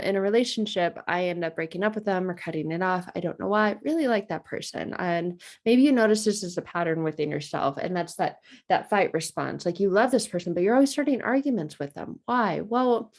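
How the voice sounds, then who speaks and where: A woman teaching about trauma responses to camera in a conversational way, acting out inner reactions with quick changes of voice. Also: lowish voice. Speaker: trauma educator. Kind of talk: explanatory video lesson.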